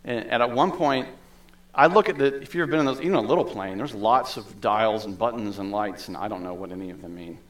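A man's voice: fairly low pitch, fast. A male pastor preaching a sermon in a conversational way, with asides and the odd laugh.

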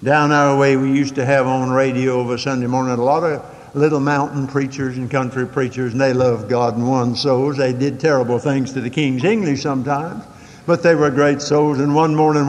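An older man preaching a sermon, telling folksy stories with dramatic swings from quick asides to slow, drawn-out emphasis. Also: in a large hall. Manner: folksy storytelling with dramatic swings in pitch and pace.

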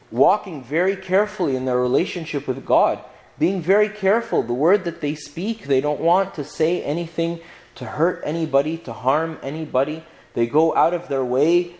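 A man's voice: a little high, a little mellow. A man, a priest, giving a conversational Bible teaching, with many restarts and frequent "right?" asides to his listeners.

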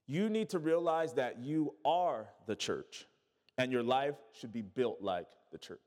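A man's voice: mid-range voice, expressive, unhurried, darkish tone. A man, a pastor, preaching a sermon with emphatic repetition and call-and-response to his congregation. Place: church sanctuary. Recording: echoey church hall.

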